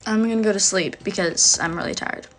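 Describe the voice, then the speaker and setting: A woman's voice: mid-range voice, brisk. Chatty young woman telling a storytime. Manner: chatty, fills every phrase with "like". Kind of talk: casual storytime vlog.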